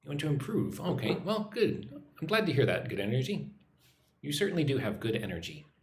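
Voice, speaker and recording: A man's voice: medium pitch, roomy sound. A man from the United States teaching English on a live stream, reading out viewer comments and modelling phrases to repeat. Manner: upbeat, reads viewer names aloud, models phrases to repeat. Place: home in a Vietnamese city.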